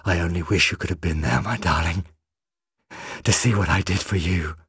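An obsessed, unhinged murderer, voiced by a man, snarling in a low, husky hush. His voice sits deep and close in a dry storybook recording. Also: steady tone, normal speed, no echo, exaggerated voice. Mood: gloating.

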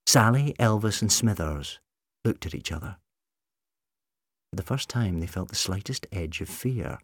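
A man narrating a storybook reading in an expressive, measured way. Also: lowish voice, no echo, studio quality.

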